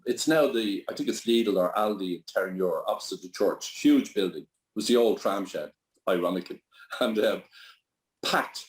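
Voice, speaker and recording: Low-voiced older Irish man telling stories. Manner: rambling anecdotal, with frequent restarts. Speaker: guest entrepreneur. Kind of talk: storytelling interview.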